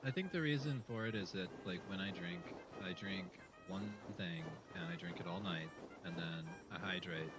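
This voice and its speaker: An American man telling stories in animated casual chat, getting defensive when teased. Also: low voice, moderate pace, few pauses, over loud music. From United States.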